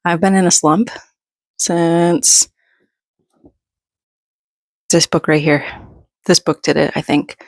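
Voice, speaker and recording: Sitting on her bedroom floor, a woman in her thirties who vlogs about books talks casually in a rambling, self-mocking way, slightly winded. Her lowish voice stays steady and slow with frequent pauses, captured in a dry, clean studio recording.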